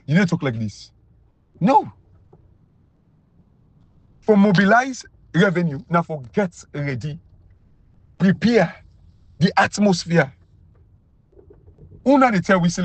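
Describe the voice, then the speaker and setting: A Sierra Leonean man speaking in Krio-accented English, giving a mocking, emphatic political rant that keeps jumping high when he is incredulous. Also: slightly rough, dry recording. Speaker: political commentator.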